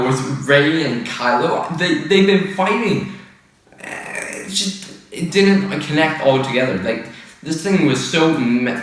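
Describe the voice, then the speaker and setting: A man's voice: mid-range voice, a bit bright. Rambling, exasperated man in an echoey room. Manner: rambling, filler-heavy, exasperated. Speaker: video host. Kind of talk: casual opinion rant. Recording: echoey room, far from the mic.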